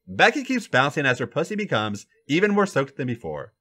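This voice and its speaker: A man hosting a podcast, reading a fan fiction story aloud with an animated, dramatic delivery. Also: mid-range voice, a little fast, breathy edge.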